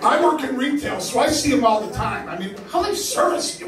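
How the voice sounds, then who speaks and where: High-voiced older man doing ranting stand-up. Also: very animated, a little fast, music in the background. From New York. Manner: crude, ranting, self-deprecating. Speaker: stand-up comedian. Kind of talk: stand-up comedy set. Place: comedy club stage. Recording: roomy live club sound from a distance. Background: laughing audience.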